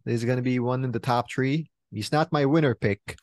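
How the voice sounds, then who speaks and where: Man, podcast co-host, enthusiastic, laughs a lot, mid pitch, dry sound. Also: normal speed, a little mellow, dry recording. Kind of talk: casual panel chat.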